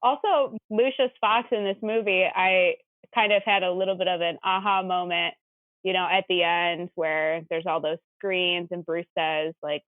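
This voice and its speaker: A woman's voice: lowish voice, fairly even intonation, moderate pace, no room sound. Chatty woman on a tinny line. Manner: chatty, laughs a lot, says "like" often. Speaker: podcast guest. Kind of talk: casual chat.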